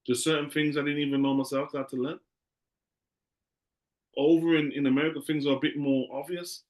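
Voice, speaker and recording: A man's voice: a little high, level tone, fairly quick, darkish tone. A man teaching a class in a loose, conversational way, often repeating himself.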